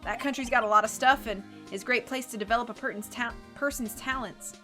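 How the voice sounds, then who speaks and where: Woman reading as a gruff detective, pal. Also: fairly high pitch, fast, pushed and bright, faint music behind. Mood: matter-of-fact. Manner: reads game text aloud, calls everyone pal. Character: gruff friendly male police detective.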